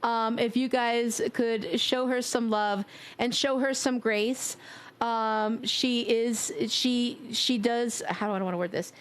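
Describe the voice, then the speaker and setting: A woman's voice: fairly high pitch, steady tone, slow, clean tone, no room sound. Congested woman signing off a stream. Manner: warm, affectionate, blowing kisses. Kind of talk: casual stream sign-off chat.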